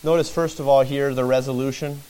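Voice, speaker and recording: A man's voice: mid-range voice, steady tone, brisk, dark tone, smooth. A man preaching a sermon, retelling a scripture story with dramatic rises and drops in his delivery.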